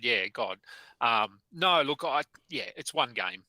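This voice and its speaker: A man's voice: mid-range voice, lively intonation, slow, bright, forceful tone, dry recording, rough recording. A man co-hosting a live stream in casual chat, hesitant and full of restarts. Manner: hesitant, many fillers and restarts. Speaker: podcast co-host.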